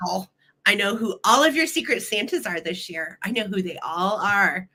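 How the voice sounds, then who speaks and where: A woman's voice: medium pitch, moderate pace, bright, forceful tone. A woman with a cold hosting a live sale stream, chatting casually and greeting viewers with playful nicknames. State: has a cold.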